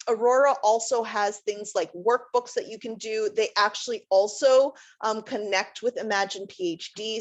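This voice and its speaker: Woman career advisor, higher voice, chatty. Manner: conversational, explanatory, frequent um fillers. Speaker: career center director. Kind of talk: online workshop presentation.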